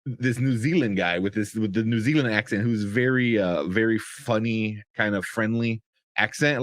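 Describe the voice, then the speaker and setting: A man's voice: lowish voice, moderate pace, dry recording, studio quality. A young man giving a casual spoken review of a show, rambling with lots of fillers and restarts.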